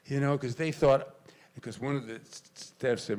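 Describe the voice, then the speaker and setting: An older man, an actor, telling animated stories on a convention panel stage, now and then shouting out remembered lines. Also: medium pitch, normal speed. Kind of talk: storytelling on a panel.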